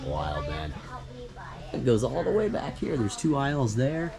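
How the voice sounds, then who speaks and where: Wandering an indoor flea market, this vlogger speaks at medium pitch with huge swings and a measured pace. A crowd can be heard, and the store's music plays behind his casual, musing narration.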